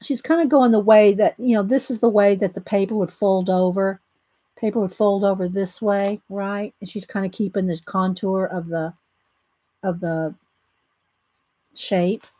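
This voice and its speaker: A woman's voice: mid-range voice, fairly even intonation, normal speed, warm tone, dry recording. A woman with a Southern American accent hosting a casual live coloring tutorial. She chats with viewers, greets them by name and reads steps aloud between her own comments. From Southern United States. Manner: chatty, greets viewers by name, laughs easily. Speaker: coloring demonstration host.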